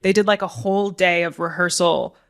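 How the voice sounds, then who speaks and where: A young woman guest on an interview show, telling stories in a chatty, animated way and laughing often. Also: fairly low pitch, a little fast. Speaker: guest actor. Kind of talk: casual interview chat.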